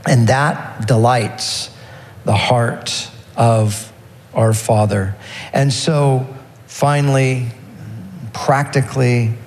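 A man preaching a sermon, earnest and unhurried, slowing down and pausing to press his points. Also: mid-range voice, steady tone, long reverb tail. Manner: earnest, warm preaching with slow emphatic pauses. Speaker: pastor.

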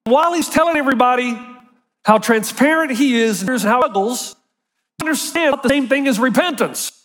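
Male pastor, high voice, animated sermon delivery, acts out quotes, reverberant church hall. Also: moderate pace.

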